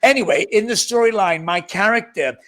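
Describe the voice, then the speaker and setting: A man's voice: high voice, brisk, a bit bright, low-quality recording. A man with a Scouse accent tinged with north Welsh, telling self-deprecating stories as a guest actor, with many stammered restarts. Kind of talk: anecdotal chat.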